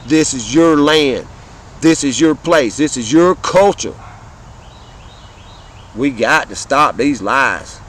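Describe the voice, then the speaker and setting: A man's voice: fairly high pitch, a bit bright, slight background noise, rough recording. A man with a Southern American accent, delivering a fiery, profane rant straight to his viewers and repeating his points for emphasis. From Southern United States. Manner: fiery, profane, repetitive, addresses viewers directly. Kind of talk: impassioned political rant to camera.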